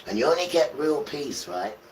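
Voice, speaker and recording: A man's voice: on the high side, very animated, moderate pace, recorded from a distance, a little hiss or hum, rough recording. A man livestreaming an impassioned spiritual talk, urging his viewers directly in a preachy, urgent way. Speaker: livestream host.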